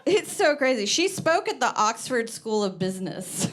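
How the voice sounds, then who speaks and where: On a comedy club stage, a woman with a high-ish, expressive voice performs stand-up at a moderate pace with hardly any pauses, a little out of breath. She's chatty, packed with "like" fillers, and laughs at her own jokes, while the live crowd and its laughter are audible behind the noisy background.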